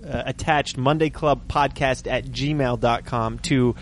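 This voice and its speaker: A man's voice: medium pitch, measured pace, a little hiss or hum. A man co-hosting a casual podcast, talking in an easy way with many fillers as he reads out the show plugs. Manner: relaxed, filler-heavy, does the show plugs. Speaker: podcast co-host, magician. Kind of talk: casual chat.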